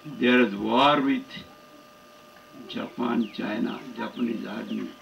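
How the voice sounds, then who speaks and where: An older man from India with an Indian accent, giving a devotional lecture as a spiritual teacher in a slow, halting, deliberate way. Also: medium pitch, fairly even intonation, vocal fry, dull audio, a little hiss or hum.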